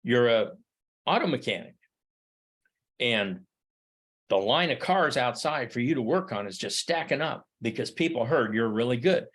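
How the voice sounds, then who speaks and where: A middle-aged man lecturing on history in an emphatic, driving way. He stacks one rhetorical question on another and hammers each point home, at a voice pitch typical for a man. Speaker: history teacher. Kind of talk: classroom lecture.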